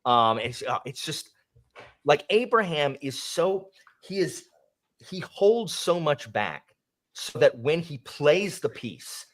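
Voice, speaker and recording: A man's voice: on the high side, very animated, takes it slowly. A man in a casual live book discussion, talking with enthusiasm and often trailing off mid-thought.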